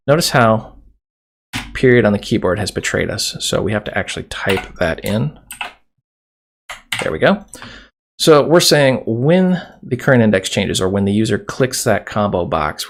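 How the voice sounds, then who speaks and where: Male coding instructor, low gravelly voice, casual screen-recorded tutorial, keyboard typing in background. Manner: casual, chatty, jokes while typing code. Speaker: programming instructor.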